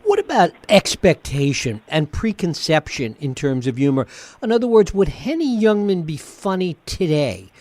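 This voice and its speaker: A male interview host with a fairly high, very animated voice. He asks brief, measured questions. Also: slight background noise.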